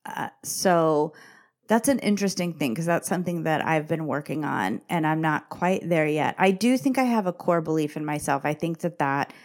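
A woman's voice: deep voice, lively intonation, normal speed. A woman in her forties hosting a podcast, chatting in a casual, self-mocking way and laughing often. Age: 40s. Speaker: podcast host. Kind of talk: casual solo podcast talk.

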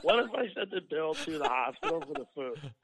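A man's voice: a little high, big pitch swings, brisk, crowd noise. A man co-hosting a podcast in casual comedic chat, riffing into profane rants. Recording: thin phone-like line, dry.

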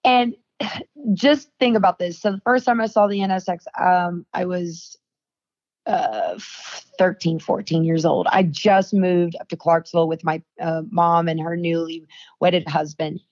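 A woman's voice: on the low side, measured pace, a little mellow. A young adult woman, a podcast guest, telling a story in casual chat and acting out the quoted dialogue. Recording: dull, lo-fi dry sound.

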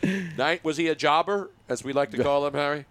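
A man's voice: fairly high pitch, a little fast, fairly bright tone. A man hosting a sports talk show, joking and teasing his co-hosts, sometimes slipping into mock hockey play-by-play. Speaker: show host. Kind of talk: casual sports chat.

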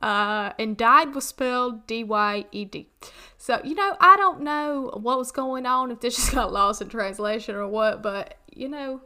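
A woman with a Southern US accent co-hosts a podcast in easy, casual chat. Her voice is bright and sits a little high. She is animated, laughs often and tosses in asides as she tells a story. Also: a little slow. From Western North Carolina. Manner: animated, laughs often, reads old text aloud with asides. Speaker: podcast co-host.

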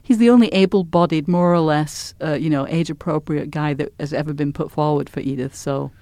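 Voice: mid-range voice, a little fast, dark tone, no room sound. A podcast co-host in casual, agreeable chat about a TV drama, laughing easily.

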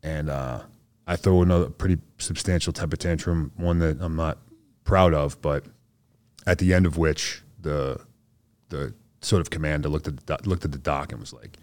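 A man's voice: a bass voice, normal speed, a little mellow, no echo. A man, a soldier guest on a podcast, telling a story in a laid-back, slangy way and acting out what others said. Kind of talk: casual storytelling interview.

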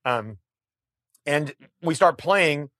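A middle-aged man, a musician guest, telling a story in a casual, animated way, swearing freely and restarting his sentences. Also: a little high, very slow, dry recording, studio quality. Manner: animated, profane, frequent restarts.

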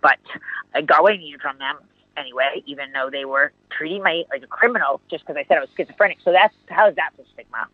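A woman's voice: deep voice, fast talker, no room sound. A woman hosting a call-in radio show, telling a story in a rambling, agitated way with lots of swearing, fillers and restarts. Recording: tinny phone-line sound.

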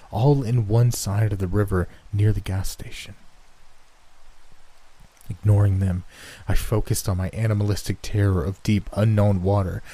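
A man narrating a first-person horror story in a measured, somber way. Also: on the low side, mellow, rough recording.

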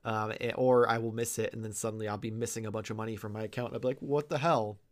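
A man's voice: lowish voice, little pitch movement, very fast. A man co-hosting a podcast in casual chat, often stammering and repeating words as he starts a thought. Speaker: podcast co-host.

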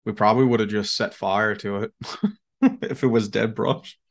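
A man's voice: lowish voice, steady tone, normal speed. Man reacting sympathetically in chat. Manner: sympathetic listener, short reactions. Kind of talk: casual chat.

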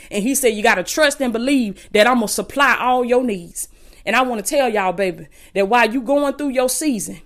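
A woman with a Southern Alabama accent preaching fervently on her podcast from home, repeating lines and calling listeners "baby". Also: a little high. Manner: impassioned, repetitive, calls listeners "baby".

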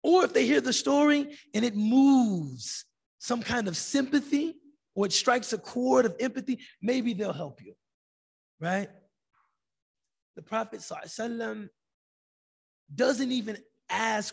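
A man teaching a religious class, telling a story in a lively way and acting out the people in it. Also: very high-pitched, unhurried, creaky, long pauses, slightly rough. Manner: animated storytelling, acting out quoted voices.

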